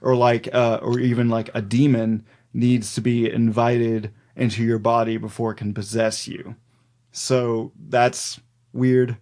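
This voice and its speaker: A man's voice: medium pitch, flat delivery, a little slow, darkish tone. A man co-hosting a folklore podcast in casual chat, rambling with many fillers and easy laughs. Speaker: podcast co-host.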